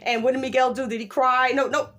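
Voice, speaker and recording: A woman chatting casually as she recaps a show, animated and emphatic, breaking into quick quoted voices and frequent laughs. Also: high voice. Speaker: show reviewer.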